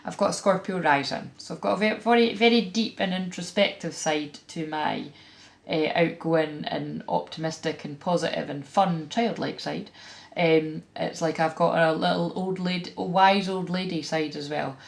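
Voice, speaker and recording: Gravelly-voiced Scottish woman, frank and chatty. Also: fairly low pitch, moderate pace. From Scotland. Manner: frank, animated, chatty with frequent fillers and asides. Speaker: tarot reader and spiritual channeler. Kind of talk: casual spiritual vlog talk.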